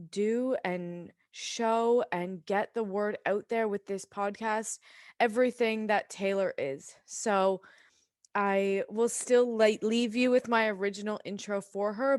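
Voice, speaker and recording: A woman with an Australian accent, hosting a podcast and chatting casually through an intro with loose, rambling asides. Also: mid-range voice. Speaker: podcast host.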